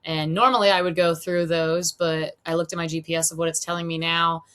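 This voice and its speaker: A woman co-hosts a relaxed podcast conversation, easygoing and agreeable, often dropping in a quick "yeah." Her voice sits a little low for a woman. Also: smooth. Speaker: co-host. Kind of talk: casual podcast chat.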